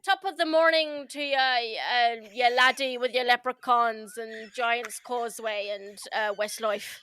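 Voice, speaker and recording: A woman's voice: a little high, fairly even intonation, a little slow, a little hiss or hum. A woman putting on an exaggerated stage Irish accent as a joke. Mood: playful. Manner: over-the-top cliché accent, loud.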